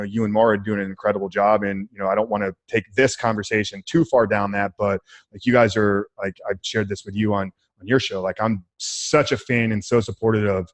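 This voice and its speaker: Low-voiced man hosting a podcast. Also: no room sound. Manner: reflective, measured, supportive. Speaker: podcast host. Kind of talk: casual interview conversation.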